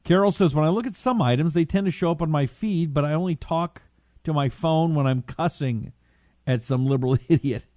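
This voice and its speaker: A man's voice: a little high, a little fast, mellow, no room sound, studio quality. A middle-aged man hosting a casual talk stream, reading viewer comments aloud and riffing on them in a chatty, rambling way. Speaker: talk show host.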